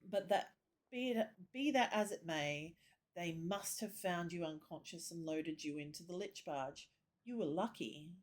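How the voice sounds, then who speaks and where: A soft-spoken male priest with a gentle, lilting voice, as a woman reads his game lines aloud. He speaks in a lowish register at an unhurried, measured pace. The delivery is kind and calm. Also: lightly acted. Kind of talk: reading game dialogue aloud.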